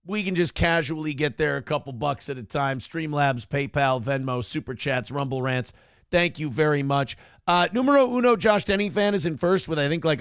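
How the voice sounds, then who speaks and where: A man hosting a casual commentary show, talking in a rambling, animated way full of swearing. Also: on the high side, clear, resonant tone, no room sound, studio quality. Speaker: show host.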